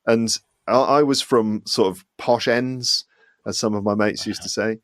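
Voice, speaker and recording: A man's voice: mid-range voice, normal speed, no room sound, studio quality. A man in his forties from the English West Midlands with a faint trace of the local accent, chatting as an interview guest in a self-deprecating way and laughing often. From England, West Midlands (Solihull). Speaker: guest, English teacher and podcaster. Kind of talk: casual interview chat.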